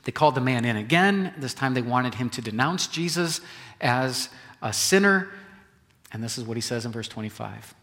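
A man preaching a sermon from the pulpit, with dramatic swings from loud emphasis to quiet, hushed phrases. His voice sits at a middle pitch. Long reverb trails after each phrase in a large church. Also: animated, moderate pace. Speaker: pastor.

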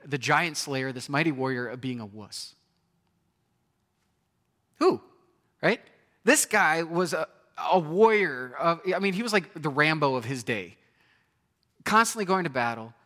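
A man's voice: fairly high pitch, pushed and bright. A man preaching a sermon in a conversational way, often asking his listeners rhetorical questions. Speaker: pastor.

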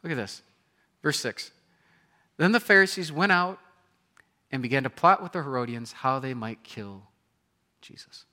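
Animated preaching man, bright voice. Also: mid-range voice, normal speed, long pauses. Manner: animated, acts out voices with big swings from loud to hushed. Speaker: pastor. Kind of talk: sermon. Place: church.

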